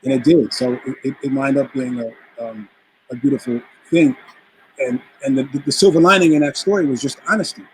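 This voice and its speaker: Brisk and medium-pitched, this guest musician from the Bronx, New York tells a story in a relaxed interview, acting out the voices he quotes with animation. The poor audio carries a little hiss or hum.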